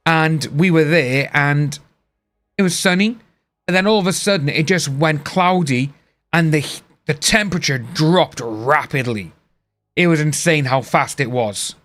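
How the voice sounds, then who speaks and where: A man's voice: on the high side, unhurried, fairly bright tone. A man chatting casually on a live stream, rambling and replying to his chat. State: hiccups. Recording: faint music behind.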